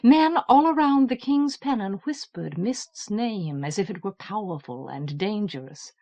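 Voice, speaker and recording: Woman narrator for a fantasy audiobook: very slow, measured, steady delivery. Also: medium pitch. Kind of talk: scripted narration.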